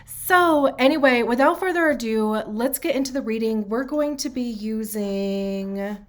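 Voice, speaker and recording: A stuffy-nosed woman hosts a casual tarot reading, speaking at an unhurried, drawn-out pace. She is chatty and often breaks off her sentences with fillers and restarts. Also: fairly high pitch. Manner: chatty, with frequent fillers and self-interruptions. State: stuffy nose. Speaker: tarot reader.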